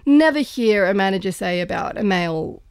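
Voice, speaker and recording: A woman's voice: medium pitch, animated, moderate pace, smooth, no echo. Woman, podcast co-host, earnest and thoughtful, dry studio sound. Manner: earnest, thoughtful, with frequent restarts. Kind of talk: casual podcast discussion.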